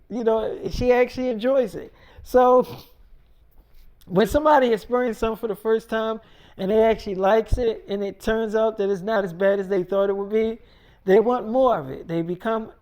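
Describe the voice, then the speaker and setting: A man's voice: sits high, darkish tone. A man telling a long casual story in a rambling, slangy way, full of fillers and repeats. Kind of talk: casual freestyle storytelling monologue.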